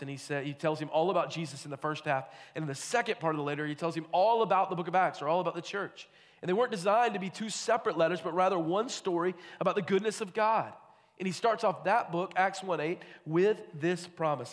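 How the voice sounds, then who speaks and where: Youth pastor type, male, slightly high voice, casual jokey preaching, hall reverb. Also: fast. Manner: joking, conversational preaching. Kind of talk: casual sermon.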